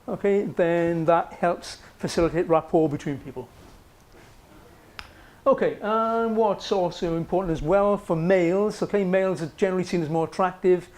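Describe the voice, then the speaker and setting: High-pitched with a darkish tone, a man from Wales gives a conversational university psychology lecture in a lecture room. He often checks in with "okay" and leans on fillers.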